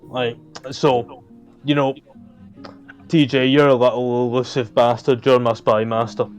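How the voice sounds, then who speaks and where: A man streaming a game with friends, talking slowly with lots of swearing and laughter. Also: mid-range voice, flat delivery, soft background music. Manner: slow, profane, laughing. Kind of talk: casual gaming stream chat.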